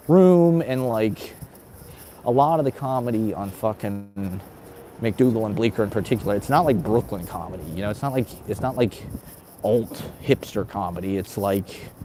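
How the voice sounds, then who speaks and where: An agitated man rants, swears and laughs his way through complaints about other comedians. His voice sits at a middling pitch, and a faint hiss of noise runs behind him. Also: darkish tone. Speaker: stand-up comedian. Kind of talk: casual ranting monologue.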